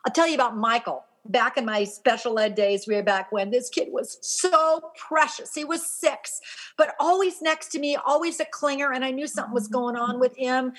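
A woman in her fifties, an educator telling stories in an interview, animated and emphatic with lots of repetition. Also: high voice, moderate pace. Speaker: educator and guest. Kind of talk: storytelling in an interview.

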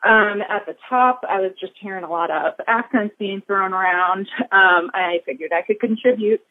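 A woman's voice: medium pitch, moderate pace. A woman from the Boston area with a light Boston accent leaves a chatty voicemail as a longtime listener, with many "um"s. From Boston area, United States. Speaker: listener calling in. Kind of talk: recorded voicemail message. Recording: tinny phone line.

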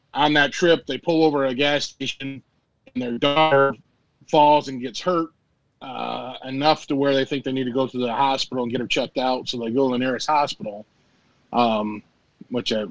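A man's voice: medium pitch, no echo, muffled recording. A man hosting a podcast over a remote call, recapping a movie in a rambling, laid-back way with crude jokes and many fillers. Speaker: podcast host.

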